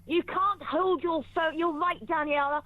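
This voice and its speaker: A woman's voice: extremely high pitch, unhurried. A woman joining a talk show by phone, emphatic and repeating her points for effect. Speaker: guest on a phone line. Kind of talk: opinionated talk show debate. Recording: dry, tinny phone line.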